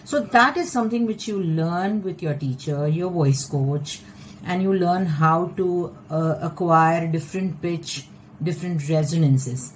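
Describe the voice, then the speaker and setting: A woman vocal coach teaching a lesson, explaining in a measured, patient way. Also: on the low side, slight background noise, rough recording.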